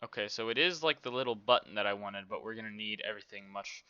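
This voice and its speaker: A man's voice: on the low side, fast talker, bright, forceful tone, clear, resonant tone, no echo, dull audio. A man casually talking through a game development tutorial, rambling to himself with many fillers. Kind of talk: casual screen-recorded tutorial.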